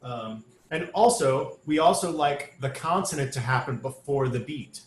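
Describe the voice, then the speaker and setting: A man's voice: medium pitch, animated, normal speed, roomy sound, a little hiss or hum. A man leading an online choir rehearsal, explaining diction and singing short demonstration phrases. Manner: sings demonstration phrases between spoken instruction. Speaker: choir director. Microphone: video call.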